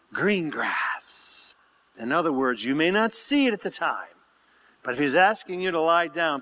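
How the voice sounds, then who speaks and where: A man's voice: high-pitched, pushed and bright. A man preaching a sermon and reading scripture aloud with asides, prompting the congregation to call out answers. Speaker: pastor.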